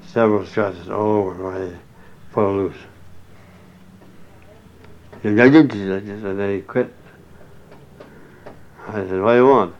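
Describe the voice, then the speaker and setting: A man's voice: fairly low pitch, slight background noise. An older man being interviewed, telling rambling stories in a folksy, salty way with chuckles. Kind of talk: rambling oral-history storytelling. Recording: muffled lo-fi recording.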